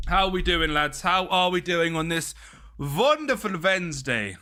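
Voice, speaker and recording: A man's voice: sits high, expressive, moderate pace, bright, forceful tone. A young man, chatting casually with his live-stream chat and greeting viewers by name.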